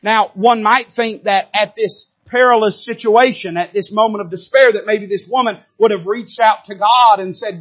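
A pastor preaching a fervent sermon in a church, addressing his congregation directly and rising and falling sharply in pitch and loudness. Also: normal speed, hardly any pauses. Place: church sanctuary.

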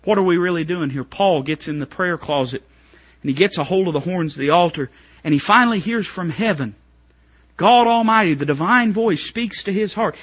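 Impassioned preacher, husky voice. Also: male voice, lively intonation, moderate pace. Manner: swings between shouted climaxes and hushed low passages. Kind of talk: sermon. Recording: muffled lo-fi church recording.

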